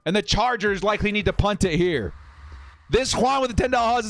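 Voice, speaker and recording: A high-pitched man in his thirties hosts a live fan watch stream, calling plays and reading out donation messages. He talks with exuberant energy and breaks into shouts. Faint music plays behind him. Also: expressive, a little fast. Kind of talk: excited live game commentary and chat reading.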